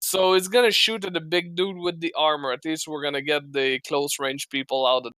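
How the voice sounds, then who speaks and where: A wry, sarcastic man at a game table with a high voice. His voice is bright and sharp, and the recording is dry and close, with no room sound. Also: steady tone, fairly quick, clean tone, dry recording. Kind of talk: casual game table chat.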